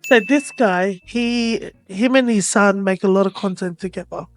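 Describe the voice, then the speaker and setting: A woman's voice: medium pitch, moderate pace, soft background music. A woman co-hosting a podcast, casually rambling with many "like" fillers. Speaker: podcast co-host. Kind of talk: casual chat.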